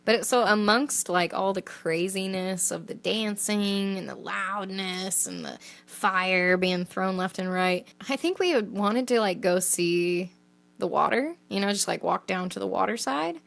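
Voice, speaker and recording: Chatty young woman with a gravelly edge. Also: mid-range voice, a little slow, fairly bright tone. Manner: chatty, laughs often, says "like" a lot. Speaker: podcast co-host. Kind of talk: casual travel chat.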